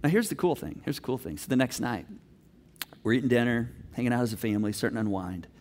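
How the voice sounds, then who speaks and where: A middle-aged man preaching a sermon, telling family stories with animated delivery and acting out voices. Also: mid-range voice, fast, a little hiss or hum. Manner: animated storytelling, acts out voices of himself and his daughter. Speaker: pastor.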